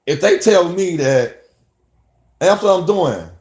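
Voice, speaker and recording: A man's voice: high-pitched, expressive, unhurried, a little mellow. A man vlogging in a casual, rambling monologue, acting out quoted back-and-forth exchanges in his own voice. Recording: echoey room.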